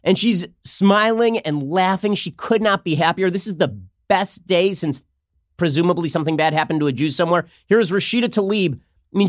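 A man hosting a political commentary show, talking fast with a sarcastic, mocking manner. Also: sits high, dry recording, clean studio sound. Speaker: host.

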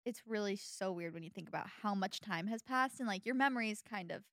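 A young adult woman with a Valley Girl accent and natural vocal fry, chatting casually as a podcast co-host in a rambling, filler-heavy way. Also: mid-range voice, a little fast, a bit bright, dry recording, studio quality. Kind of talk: casual chat.

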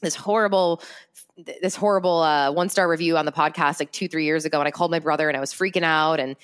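A woman's voice: low voice, fairly even intonation, fast, clean tone. A woman in her late twenties, an entrepreneur and speaker, talking candidly and expressively as a podcast guest, often laughing. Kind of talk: casual podcast conversation.

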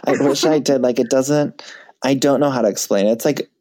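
A man chatting as a podcast guest, animated and self-mocking, laughing at himself often. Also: mid-range voice, a little fast. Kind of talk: casual chat.

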